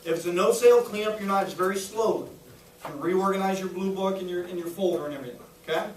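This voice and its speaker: A man's voice: sits high, fast, slight background noise. A man giving a live sales training talk to a small audience in a room, upbeat and coaching, often checking if the room is following. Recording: echoey room, voice a little far.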